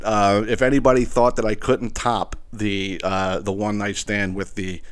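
Rambling and swearing through a casual monologue, a man who hosts a podcast keeps restarting and filling gaps with fillers. When quoting others he squeals their lines, pitching the woman's voice highest of all.

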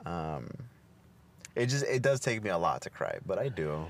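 A man's voice: sits low, big pitch swings, normal speed, slight background noise. A man co-hosting a podcast, chatting casually, swearing a lot, laughing and telling stories. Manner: profane, laughing, storytelling. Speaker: podcast co-host. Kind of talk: casual chat.

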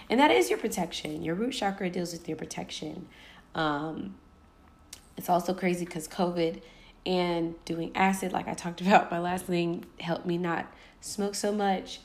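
Woman host with a somewhat low voice, talking freely and animatedly in a spiritual podcast monologue. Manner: candid and animated, with loose slang and cursing.

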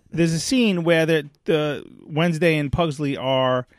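A man's voice: on the high side, unhurried, dry recording, clean studio sound. A man in his thirties, a podcast co-host, chatting casually and rambling with jokes and restarts. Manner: rambling, jokey, breaks off to scold his kid.

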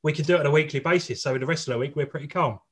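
A man chats casually as a podcast co-host, venting about pet hates with frequent laughs. His voice is husky and sits a little high for a man. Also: very fast, a bit bright. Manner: ranting, laughs often. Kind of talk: casual chat.

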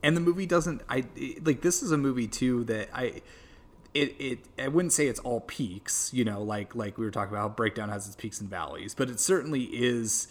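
A man co-hosting a film podcast, chatting casually and agreeably, sometimes halting mid-thought. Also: mid-range voice. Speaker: podcast co-host.

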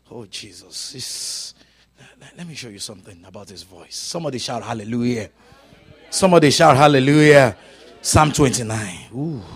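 A male preacher delivering a sermon in a church service, swinging from loud, rising exclamations down to hushed, whispered lines. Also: on the low side, gravelly, husky. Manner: dramatic swings from shouting to quiet whispers.

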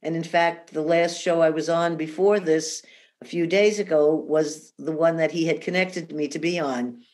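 A woman's voice: sits low, steady tone, normal speed, darkish tone. A woman speaking as an interview guest, earnest, emotional and spiritual in how she talks, with frequent restarts. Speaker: interview guest, shaman and remote viewer. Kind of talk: heartfelt interview talk.

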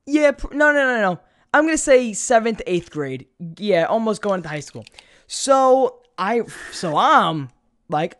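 Animated, swearing storyteller man. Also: high voice, a little slow. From New York. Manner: animated, profane, rambling with restarts. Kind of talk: casual storytelling chat.

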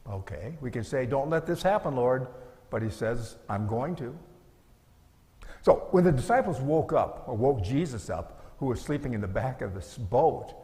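A man's voice: mid-range voice, animated, normal speed, warm tone. Man preaching in a reverberant hall. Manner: earnest, conversational preaching with rhetorical questions. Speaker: pastor. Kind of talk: sermon.

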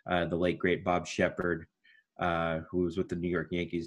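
Deep-voiced young man rambling about sports. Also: monotone, moderate pace. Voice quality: baritone. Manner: rambling, self-deprecating, with sudden announcer-style bursts. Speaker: guest, student broadcaster. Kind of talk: casual podcast chat.

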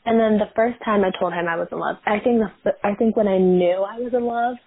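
A woman in her twenties talks casually with a friend, her husky voice full of "like" fillers. The sound is thin and narrow, like a phone line. Her pitch sits in the middle. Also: fairly quick. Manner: chatty, many "like" fillers. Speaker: guest. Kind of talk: casual chat.

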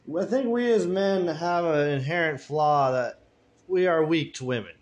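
A man's voice: fairly high pitch, moderate pace, dull audio. A man hosting a casual podcast chat, mostly agreeing in short interjections and crude quips.

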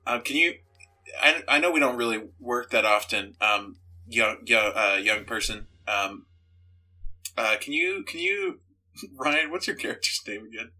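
A self-serving office gossip, played by a man stumbles and hesitates as he shares rumours in improvised tabletop role-play. The voice is very bright, with a husky grain. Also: medium pitch, expressive, full character voice, rough recording. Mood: conspiratorial. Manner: hesitant, halting.

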